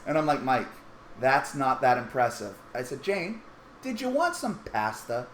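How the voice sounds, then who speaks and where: A man with a Canadian accent hosting a podcast, telling a story in an animated way and acting out what people said. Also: mid-range voice, moderate pace. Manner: animated, acts out quoted voices. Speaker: podcast host. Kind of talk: casual storytelling chat. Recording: echoey room, faint noise.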